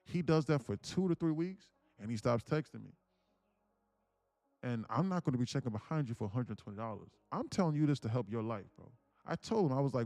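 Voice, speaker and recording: A young man livestreaming, telling a family story in a blunt, animated rant and saying "bro" constantly. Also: medium pitch, brisk, dry recording. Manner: blunt, repeats "bro" constantly, grows louder and more insistent. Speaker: livestream day trader.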